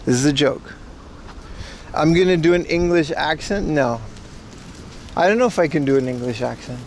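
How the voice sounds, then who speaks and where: Unhurried and pausing often, a man with a voice on the high side chats with livestream viewers while browsing plants outdoors. The IRL streamer rambles and jokes in a playful way, and there's slight background noise.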